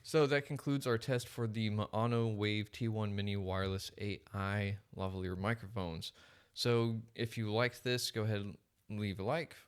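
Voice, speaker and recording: Male host, casual tech review; slightly low voice, friendly and upbeat. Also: clean tone. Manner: chatty, upbeat, laughs easily. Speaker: podcast host reviewing microphones.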